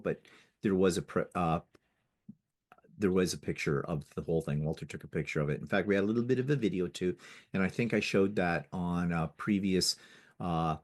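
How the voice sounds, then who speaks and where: At a quilting guild, a man from Ontario, Canada gives a casual slideshow talk about his quilts. His voice is low and darkish, and he chats and rambles, often restarting sentences.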